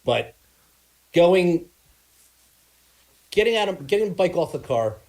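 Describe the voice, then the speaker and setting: A man chatting as a guest on a live stream, telling his stories in an animated way. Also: sits high, unhurried. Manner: animated storyteller who acts out dialogue. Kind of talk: casual chat. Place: Philadelphia area.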